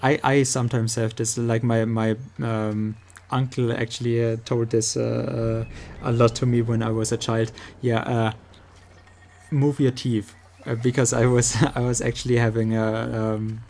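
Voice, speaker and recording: A man with a strong German accent, speaking English as a second language, chats casually while he plays a game. His voice is gravelly and mellow, and he pauses often, feeling around for the right words. The delivery is easygoing and unhurried. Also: mid-range voice, little pitch movement, a little hiss or hum. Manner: halting, searching for words. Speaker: streamer. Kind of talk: casual chat while gaming.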